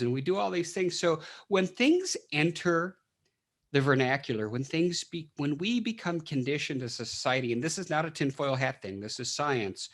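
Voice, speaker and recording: A man's voice: medium pitch, fairly bright tone. Man explaining with rhetorical questions. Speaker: podcast guest, clinical psychologist. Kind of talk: casual interview talk.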